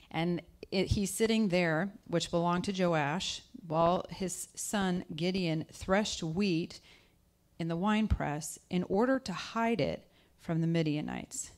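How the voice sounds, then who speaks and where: A woman preaching a conversational sermon, asking the listeners questions and acting out scripture voices. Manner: conversational, asks the audience questions; acts out scripture voices with pitch jumps. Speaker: guest speaker.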